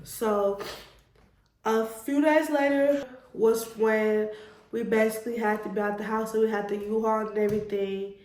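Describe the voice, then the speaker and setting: A young woman tells her own story straight to camera, earnest and emotional, calling her viewers y'all. Her voice sits fairly high. The room around her sounds echoey. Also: steady tone, normal speed, a little mellow. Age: 20s. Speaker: vlogger.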